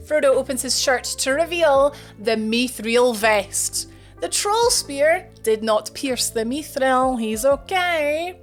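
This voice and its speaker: A woman streamer retelling a fantasy story with animated, chatty narration, slangy asides and self-corrections. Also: fairly high pitch, measured pace, faint music behind. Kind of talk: casual dramatic retelling of a story.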